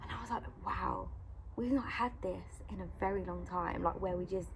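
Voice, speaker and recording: A woman, a Christian vlogger and mother, telling a faith story in a casual, animated way and acting out the dialogue. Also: fairly low pitch, normal speed, gravelly, a little hiss or hum. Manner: animated, acts out quoted dialogue, frequent "like". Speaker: mother of a young son.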